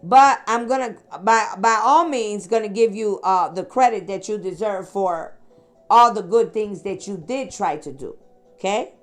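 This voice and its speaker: Woman, from the Chicago area, psychic reader, casual rambling monologue, mid-pitched voice, talks straight to listeners. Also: a little slow, faint music behind. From Chicago area, USA. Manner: rambling, addresses listeners directly with "okay?" and "sweetheart". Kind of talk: casual spiritual reading monologue.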